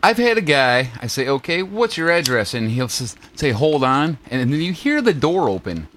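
A man's voice: mid-range voice, very animated, normal speed, a bit bright, a little hiss or hum. A man with an ordinary mid-range voice talks casually as a podcast co-host. His storytelling is wry, profane and laid-back. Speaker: podcast co-host, former pizza worker.

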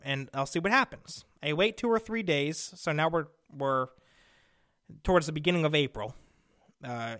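A man's voice: fairly high pitch, a bit bright, no echo. A young adult man hosting a radio show, telling a long story with fillers and rising exasperation, speaking into a studio microphone. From Connecticut. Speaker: radio host. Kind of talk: casual storytelling monologue.

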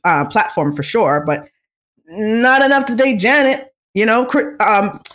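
Podcast host, casual gossip monologue, chatty, animated, lots of fillers. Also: mid-range voice, a little slow.

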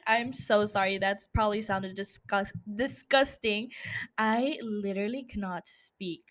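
A woman's voice: mid-range voice, unhurried. A young woman hosting a casual solo podcast, rambling, swearing freely and laughing at herself. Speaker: podcast host.

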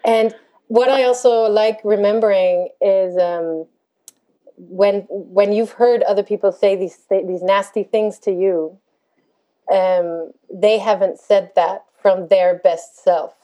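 Woman life coach, mellow and warm, calm and gentle delivery, explaining ideas in a reflective podcast chat. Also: medium pitch, takes it slowly, rough recording.

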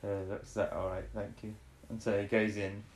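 A man's voice: on the low side, flat delivery, slight background noise. A man co-hosting a casual chat, recapping an episode. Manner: rambling, acts out characters' lines in quick impressions. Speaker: podcast co-host. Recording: echoey room.

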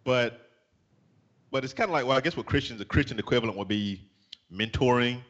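A man's voice: mid-range voice, a little fast, fairly bright tone, muffled recording. A man with a Southern US accent, a podcast guest joking bluntly and laughing often in casual chat.

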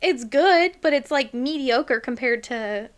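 A woman co-hosting a podcast, chatting casually and giving blunt, opinionated takes. Her voice sits somewhat high. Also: expressive, a little slow. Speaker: podcast co-host.

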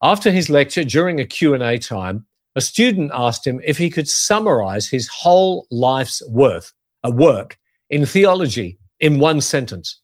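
A man preaching as a pastor, earnest and measured, leaning on key phrases for emphasis. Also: mid-range voice, sing-song, dry recording, clean studio sound. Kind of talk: sermon-style teaching.

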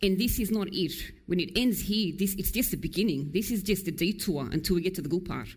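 A woman's voice: darkish tone, breathy edge. Earnest, emphatic woman preacher. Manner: earnest and emphatic, alternating quick passages with slow, low, drawn-out lines. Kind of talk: sermon. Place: church.

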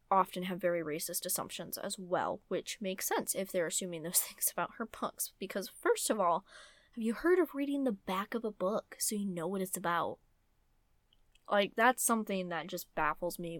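A woman's voice: mid-range voice, no echo. Dry-sounding young woman ranting about books. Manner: animated, ranting, many fillers. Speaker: book vlogger. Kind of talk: casual opinionated book talk.

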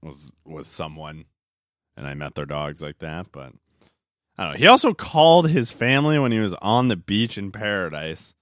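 A man's voice: sits low, sing-song, moderate pace, no echo, clean studio sound. A young man talking casually on his solo podcast, rambling with lots of fillers and self-corrections. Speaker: podcast host.

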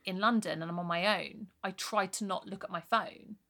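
A young woman chatting on a podcast, her voice bright and clear. She tells her stories candidly and easily, dropping in a casual swear here and there. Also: medium pitch, normal speed. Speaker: podcast co-host. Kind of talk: casual chat.

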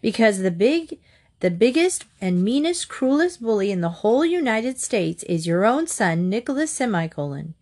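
A woman doing an outraged, shrill storybook mom; icy and accusing. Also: very animated, moderate pace, a little mellow. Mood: indignant. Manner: shrieking, cold and accusing. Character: furious mother of a hurt boy, shrill and indignant.

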